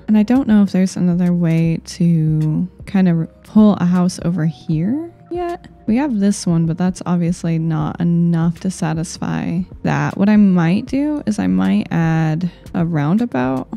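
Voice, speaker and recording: A woman's voice: lowish voice, gravelly, mellow. A woman giving casual gameplay commentary, thinking aloud in a wry, self-mocking way.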